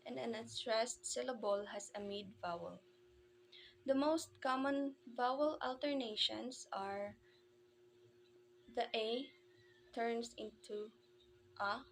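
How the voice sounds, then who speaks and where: A woman's voice: on the high side, a little hiss or hum, poor audio. A woman presenting a language lesson, reading out terms carefully and sounding out each example. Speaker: presenter explaining Romanian phonetics. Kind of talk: slow read-aloud lesson.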